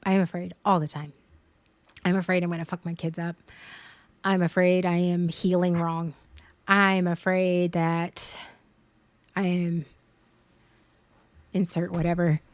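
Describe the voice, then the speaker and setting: A woman's voice: lowish voice, flat delivery, a little slow, long pauses, no echo. A woman in her thirties, streaming and talking earnestly and openly, a parent speaking in a vulnerable way about fear. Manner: earnest, vulnerable, tearful at times. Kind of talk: emotional casual chat.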